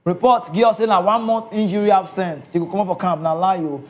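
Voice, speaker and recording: A man's voice: high voice, steady tone, quick pace. A man with a Nigerian accent giving casual football commentary, chatty and often checking in with his listeners.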